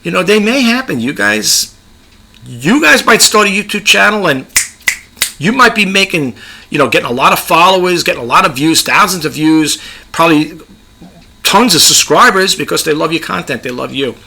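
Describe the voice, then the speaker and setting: Middle-aged male vlogger with a New York accent, rambling and repetitive, slightly high and gravelly. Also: lively intonation, moderate pace, sharp tone, slight background noise. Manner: rambling, chatty, repeats himself. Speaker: YouTube creator. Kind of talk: casual advice monologue.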